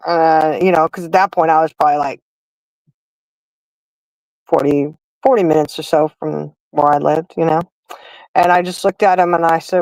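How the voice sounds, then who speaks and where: Chatty woman with a lowish voice. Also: moderate pace, a little mellow, no room sound, low-quality recording. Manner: chatty storyteller, laughing, addresses chat as y'all. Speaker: livestream host. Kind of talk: casual chat.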